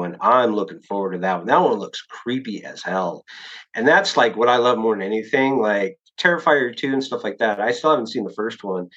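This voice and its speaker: A man with a lowish voice answers as an author guest in a relaxed, rambling way, often restarting his sentences and leaning on fillers. The sound is a bit dull and lo-fi. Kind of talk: casual podcast interview.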